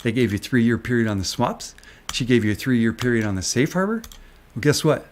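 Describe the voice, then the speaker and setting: A man's voice: medium pitch, animated, a little fast, slight background noise. A man ranting on a live stream, angry and sarcastic, swearing and taunting with rhetorical questions. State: agitated. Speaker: stock market commentator.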